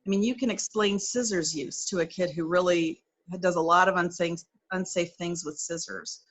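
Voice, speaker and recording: A woman's voice: lowish voice, steady tone, normal speed. A middle-aged woman occupational therapist explaining in an interview, chatty and practical, working through step-by-step examples with frequent fillers.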